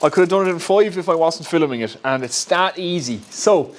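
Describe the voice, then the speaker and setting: A man's voice: on the high side, lively intonation, fairly quick. A man with an Irish accent casually talking through a woodworking build step by step, recorded in his home workshop. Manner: chatty, explains step by step, laughs at himself. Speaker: woodworking YouTuber.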